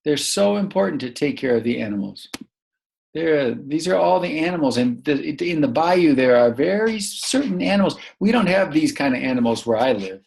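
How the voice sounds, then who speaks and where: A man from the northern United States, teaching a recorded English lesson to young children in a slow, chatty way, asking questions and answering them himself. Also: on the high side, lively intonation, gravelly, a little mellow, a little hiss or hum. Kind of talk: online lesson to young learners.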